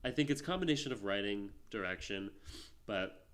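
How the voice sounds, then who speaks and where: A man's voice: fairly low pitch, lively intonation, brisk, a bit bright. A man co-hosting a film podcast in casual chat, rambling with lots of fillers and restarts. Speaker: podcast co-host.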